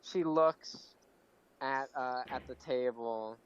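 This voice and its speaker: A young man narrating a tabletop game as game master, rambling and halting with many fillers. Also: mid-range voice. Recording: dull lo-fi mic with faint hiss.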